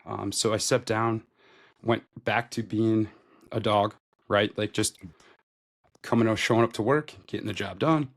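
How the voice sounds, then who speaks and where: A man in his thirties with a low voice and a gravelly, creaky edge. He talks as a guest on a podcast, telling his own story in a loose, rambling way and leaning on "like" as he goes. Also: fairly even intonation, unhurried. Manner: loose and conversational, heavy use of "like". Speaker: podcast guest, retail store manager. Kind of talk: casual interview storytelling.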